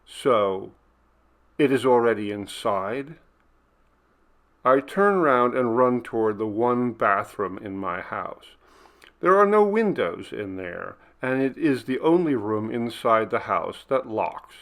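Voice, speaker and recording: A man reading a ghost story aloud as scripted narration, telling it tensely and dramatically, often dropping to a hush. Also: medium pitch, expressive, slow. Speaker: audiobook reader.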